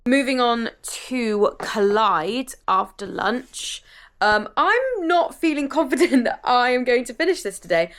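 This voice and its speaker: A woman talks casually in a vlog, chatty and enthusiastic, with the odd swear word. Her voice sits somewhat high and sounds smooth and clear. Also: lively intonation, unhurried, a bit bright. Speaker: book vlogger.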